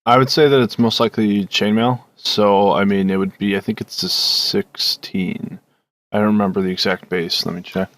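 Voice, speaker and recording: A man with a fairly low voice running a tabletop game. He narrates what happens and explains the rules at length in a casual, unhurried way. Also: fairly even intonation, fairly bright tone, no echo. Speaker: game master.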